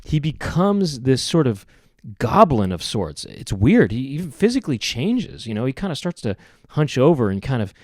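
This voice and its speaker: A man hosting a podcast, telling a rambling comic story in a deadpan way, full of fillers and self-corrections. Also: mid-range voice, moderate pace, no room sound, clean studio sound. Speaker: podcast host. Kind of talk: rambling comedic monologue.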